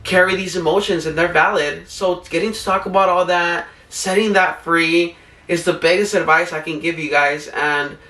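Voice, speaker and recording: A man's voice: on the high side, steady tone, normal speed, sharp tone, echoey room, far from the mic. A young man vlogging about coping, talking in an earnest, rambling way with many "like" fillers. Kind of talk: casual heartfelt advice talk.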